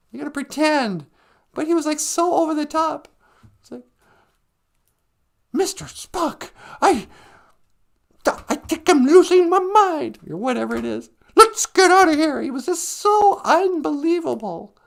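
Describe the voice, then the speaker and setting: A man putting on a high, creaky, sing-song voice as a chatty trickster character who hosts a live stream, rambling and opinionated. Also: heavily acted. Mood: gossipy. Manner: rambling, opinionated, mocks and laughs.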